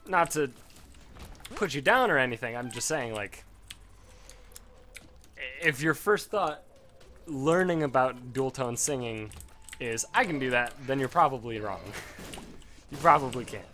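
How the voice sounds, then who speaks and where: A man's voice: mid-range voice, animated, unhurried, pauses often, pushed and bright, a little hiss or hum. A young man chatting offhand and rambling while he plays a game, swearing casually. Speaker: gaming video host. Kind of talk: casual commentary over gameplay.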